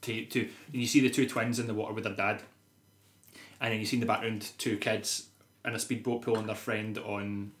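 A man's voice: level tone, a little fast, a bit bright, slight background noise. Guy in his twenties, loose and sweary film-chat co-host, recorded in a roomy space. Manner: sweary, laughing, acts out quotes in shrill voices. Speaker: podcast co-host. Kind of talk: casual chat.

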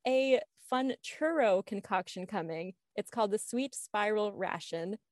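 A woman's voice: mid-range voice, expressive, measured pace, no room sound, studio quality. A woman co-hosting a casual chat show, reading news items with bubbly, giggly enthusiasm. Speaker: podcast co-host.

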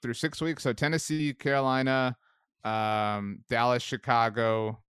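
Smooth-voiced man in casual sports chat. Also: medium pitch, fairly even intonation, a little slow, a bit bright, no room sound, studio quality. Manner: chatty, laughs easily, rambling asides. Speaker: podcast co-host.

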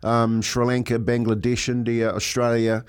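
A man's voice: medium pitch, little pitch movement, moderate pace, smooth. Laid-back New Zealand radio man. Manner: laid-back, rambling, teasing. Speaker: breakfast radio co-host. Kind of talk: casual radio banter. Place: radio studio.

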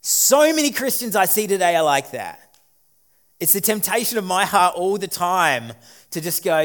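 A pastor preaching a sermon, moving between quiet reflection and loud emphatic points. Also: male voice, high-pitched, big pitch swings, normal speed. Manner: dynamic, swings from quiet to emphatic.

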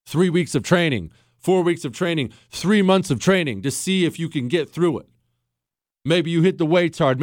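A man's voice: on the high side, no room sound. A man hosting a talk show, delivering an emphatic, combative, teasing opinion monologue into a studio microphone. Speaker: radio talk show host.

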